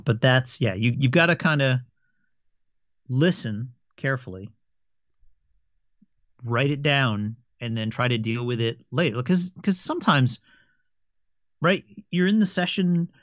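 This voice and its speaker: A man's voice: medium pitch, unhurried, pauses often, no room sound. Stammering man in a chatty podcast. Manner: stammers and restarts often, animated storytelling. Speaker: game master and podcast co-host. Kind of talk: casual chat. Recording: dry, slightly dull lo-fi sound.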